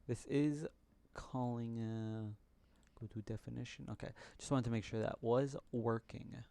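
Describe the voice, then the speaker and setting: A young man chats and mutters to himself while coding live on stream at his home desk. His voice is smooth and resonant, close on a desk mic in a dry room with no echo, and he breaks into jokey broken-English asides. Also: mid-range voice, steady tone, measured pace, dark tone. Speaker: livestream host coding.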